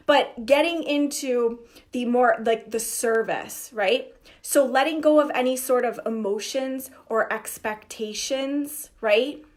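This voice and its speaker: High-voiced energetic woman coaching. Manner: energetic, emphatic, acts out inner voices. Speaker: business coach. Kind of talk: casual direct-to-camera talk.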